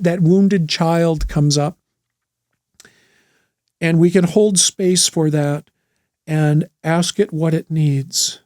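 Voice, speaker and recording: Man, therapist, slow and gentle delivery, fairly high voice, dry close sound. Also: no echo. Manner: slow, gentle and thoughtful, with many restarts. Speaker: therapist and podcast host. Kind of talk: reflective solo talk on trauma healing.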